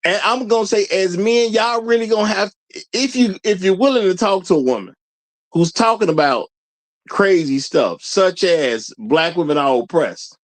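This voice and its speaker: Male live-stream host, casual and rhetorical, laughs a lot, animated intonation. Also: high-pitched, moderate pace. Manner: laughs often, repeats lines for emphasis; rhetorical, questions the audience. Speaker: show host.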